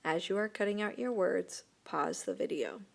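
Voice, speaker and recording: A woman's voice: mid-range voice, animated, normal speed, gravelly. A woman teacher recording a video lesson, giving patient step-by-step instructions to her students. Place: voice-over for an interactive whiteboard video.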